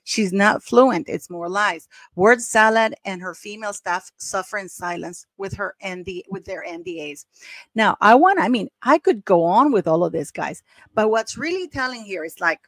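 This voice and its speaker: A woman's voice: medium pitch, animated, moderate pace, no room sound. A woman hosting a casual commentary video, reading out online comments with chatty asides and frequent laughter. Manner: chatty, laughs often, stumbles and restarts. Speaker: commentary channel host.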